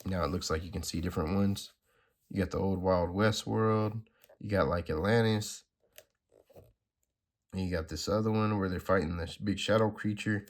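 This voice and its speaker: A man's voice: sits low, moderate pace, pauses often. A man hosting a comic-reading channel, commenting casually with unsure, laid-back asides. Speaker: comic book reader, channel host.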